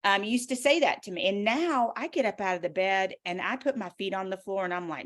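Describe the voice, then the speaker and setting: A woman with a Southern US accent, an author talking through her own stories in a lively, motivational way as an interview guest. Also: medium pitch, brisk, hardly any pauses. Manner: animated, storytelling, motivational. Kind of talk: casual interview talk.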